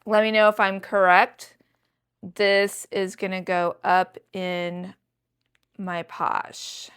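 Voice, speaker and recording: A woman's voice: medium pitch, level tone, slow pace, a bit bright, smooth. A woman in her sixties chatting to viewers in a casual haul vlog, showing off thrifted handbags with chatty enthusiasm. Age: 60s. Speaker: thrift reseller vlogger.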